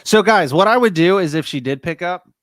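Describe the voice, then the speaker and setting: A man hosting a live call-coaching session, talking with lively enthusiasm and acting out both sides of phone calls. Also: high-pitched, a little fast. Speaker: host coaching on seller calls.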